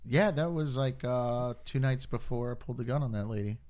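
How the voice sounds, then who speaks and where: A man's voice: mid-range voice, a little fast, darkish tone. A man in a casual chat, laid-back and crude, telling a story.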